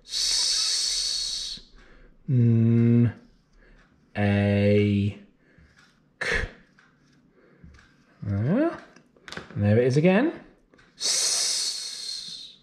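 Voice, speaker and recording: A man teaching a phonics lesson to young children, drawing out letter sounds slowly and clearly. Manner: slow, drawn-out sounds with lively, sing-song pitch. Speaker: nursery teacher. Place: classroom or home, recorded for remote learning.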